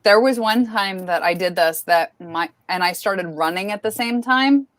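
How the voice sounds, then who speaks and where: A woman's voice: medium pitch, moderate pace, fairly bright tone, no echo. A woman co-hosting a podcast, telling a dramatic story in casual chat. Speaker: podcast co-host.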